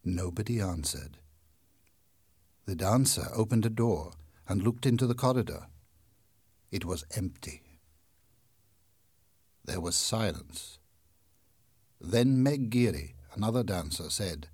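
A man narrates a classic novel as an audiobook in a measured, unhurried storytelling manner. His voice is low with a husky grain. The recording is dry and close, with no room sound. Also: lively intonation, a little mellow, no echo. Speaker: audiobook reader. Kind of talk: scripted narration.

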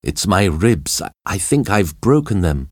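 A man's voice: sits low, big pitch swings, a little slow, no room sound, studio quality, full character voice. A man voicing an injured crash survivor who takes charge, speaking firmly and urgently in a storybook reading. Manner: firm, urgent. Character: steady injured male crash survivor leader.

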